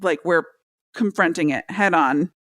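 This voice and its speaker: A woman co-hosting a podcast, talking through a movie in relaxed casual chat, with lots of filler likes. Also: lowish voice, unhurried, no echo, studio quality. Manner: chatty and reflective, many filler likes. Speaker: podcast co-host. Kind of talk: casual chat about a film.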